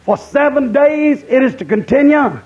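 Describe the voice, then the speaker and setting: A man's voice: very high-pitched, lively intonation, normal speed, dull audio. A man preaching a camp-meeting sermon, emphatic and repeating his points.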